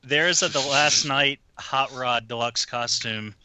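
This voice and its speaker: A man co-hosting a casual podcast chat, joking and pausing with fillers. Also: medium pitch, pushed and bright, smooth, no echo. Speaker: podcast co-host.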